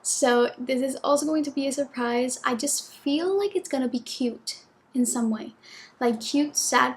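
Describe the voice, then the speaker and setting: High-voiced chatty young woman vlogger. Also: unhurried. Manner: chatty, gushing, lots of "like" fillers. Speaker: book vlogger. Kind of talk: casual chat.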